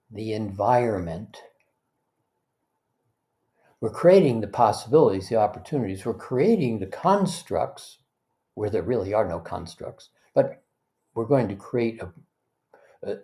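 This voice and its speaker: Male spiritual teacher, mellow mid voice, gentle guided-meditation delivery, loose and conversational. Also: mid-range voice. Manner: gentle, unhurried, leads listeners through breaths.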